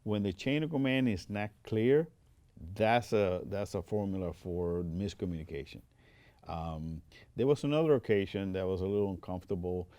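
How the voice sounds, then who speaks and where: An older man with a deep, dark voice speaks at a normal pace in a dry interview studio. A native Spanish speaker with a Spanish accent, this Air Force veteran tells stories in an interview, quoting dialogue and restarting often.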